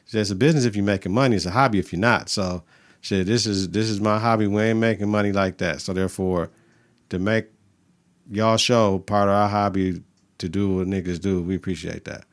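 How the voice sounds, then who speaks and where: A man's voice: fairly low pitch, steady tone, brisk. A man co-hosting a casual podcast, talking loose and profane with a hyped, rambling delivery. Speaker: podcast co-host.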